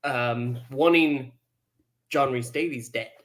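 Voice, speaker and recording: A man co-hosting a casual movie review, recapping in a halting way with many ums and uhs and dry asides. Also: mid-range voice, a bit bright. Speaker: movie review podcast co-host.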